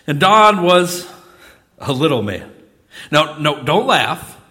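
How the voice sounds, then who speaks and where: A middle-aged male pastor preaching a sermon in a church, swinging between loud exclamations and soft asides. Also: a little high, very animated, slow pace. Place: church sanctuary.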